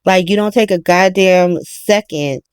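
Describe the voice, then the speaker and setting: A woman's voice: fairly low pitch, a little slow, smooth, no echo, clean studio sound, natural voice. A woman doing a fed-up, cursing mother. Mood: bitter realization. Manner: profane, ranting, sarcastic. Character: exasperated middle-aged mother defending herself.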